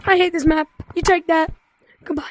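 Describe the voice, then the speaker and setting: A woman's voice: very high-pitched, fairly even intonation, moderate pace, a little hiss or hum. A young woman casually commenting on her VR gameplay, chatty and rambling with lots of fillers, into a headset mic. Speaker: gaming YouTuber.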